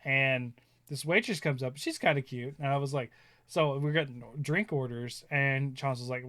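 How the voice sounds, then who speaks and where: A man's voice: mid-range voice, steady tone, a little fast, a bit bright, no echo. A man in his thirties, chatting casually and telling rambling stories, often laughing and acting out quotes. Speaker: stream host. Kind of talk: casual chat.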